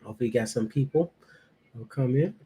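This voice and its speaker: A man's voice: medium pitch, a little fast, mellow, slightly rough. A man hosting his first livestream, chatting casually and nervously with viewers, greeting them by name and laughing often. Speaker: livestream reaction host.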